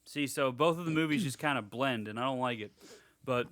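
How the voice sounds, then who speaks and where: A young man chats loosely on a podcast, rambling through stories with plenty of restarts and swearing. His voice is bright and forceful, recorded close and dry. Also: medium pitch, fairly quick, dry recording. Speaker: podcast co-host. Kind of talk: casual chat.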